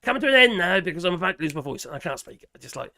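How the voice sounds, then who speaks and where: Racing along in a high, very animated voice that is creaky, bright and forceful, a Norfolk-accented Englishman rambles bluntly through a casual live stream. He's chatty, with frequent restarts and slang, and his throat sounds slightly strained and mucus-prone. The studio-quality recording has no room sound.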